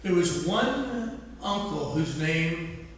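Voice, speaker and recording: A man's voice: on the high side, animated. An older man, an author telling self-mocking stories to an audience in a large hall. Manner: anecdotal, self-mocking, drawn-out delivery. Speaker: author speaking at an event. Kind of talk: humorous storytelling talk. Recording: echoey hall, distant mic, faint noise.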